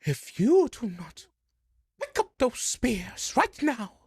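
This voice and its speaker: A man's voice: very high voice, huge pitch swings, slow pace, husky, no echo, studio quality, pitched above the performer's own voice, heavily acted. A man voicing a haughty bullywug queen, a female frog creature, in a commanding, menacing tone. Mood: threatening.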